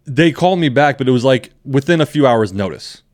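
A man's voice: mid-range voice, lively intonation, a little fast. A young man co-hosting a podcast, telling long rambling stories in casual chat and laughing often. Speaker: podcast co-host.

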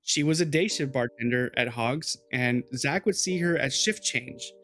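A man's voice: mid-range voice, moderate pace, a bit bright, faint music behind. A man hosting a podcast, telling a true-crime story in a loose, chatty way with swearing and asides to his co-host.

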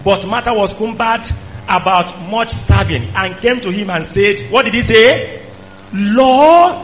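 A male preacher, delivering an emphatic sermon that rises to shouts. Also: sits high, a little slow. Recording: dull lo-fi recording with faint hum.

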